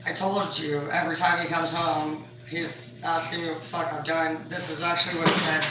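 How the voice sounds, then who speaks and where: A woman's voice: deep voice, level tone, normal speed, noisy background. A woman chatting casually while she cooks, laughing and swearing, full of "like" fillers. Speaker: vlogger. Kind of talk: casual chat while cooking. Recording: echoey room from far off.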